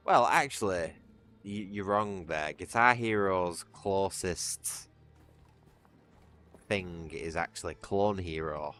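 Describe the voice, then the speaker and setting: A British man chatting casually to his livestream audience while playing. His voice is very low, and he rambles with restarts and chuckles. Faint music plays behind him. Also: slow pace, fairly bright tone. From Britain. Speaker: streamer. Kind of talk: casual gaming livestream chat.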